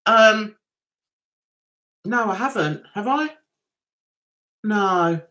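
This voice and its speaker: A woman's voice: mid-range voice, expressive, very slow, a bit bright. A middle-aged woman with a Mancunian accent, chatting casually on her livestream, giggling often and reading viewer comments aloud. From Manchester, England. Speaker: livestream host.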